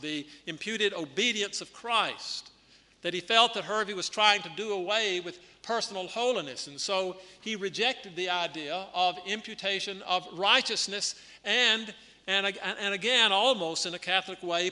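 A man preaching a sermon in a deliberate, emphatic teaching manner, often clearing his throat and restarting phrases. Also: sits high, pushed and bright. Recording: long reverb of a large hall.

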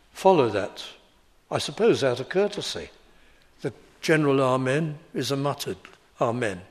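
A man in his seventies preaching a sermon in a slow, deliberate, emphatic way. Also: a little high.

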